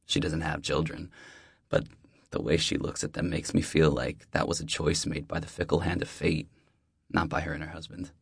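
Gravelly low man narrating an audiobook. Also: steady tone, normal speed, no echo, clean studio sound. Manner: reflective, wry, confiding. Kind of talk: first-person audiobook narration.

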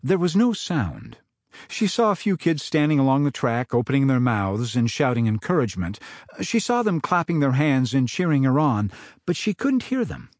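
A man reading his own novel aloud in dramatic, expressive audiobook narration. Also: medium pitch, moderate pace, dry recording, clean studio sound.

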